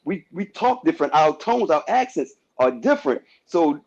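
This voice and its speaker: A man's voice: a little high, very animated, normal speed, vocal fry, a little mellow. A man talking on a casual panel discussion who keeps asking "you know what I mean" and restarts his phrases. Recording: dull lo-fi sound.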